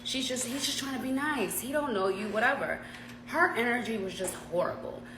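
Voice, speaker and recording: A woman vlogger telling a story in a chatty, slangy, animated way. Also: on the high side, normal speed, reverberant, background noise. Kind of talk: casual storytime.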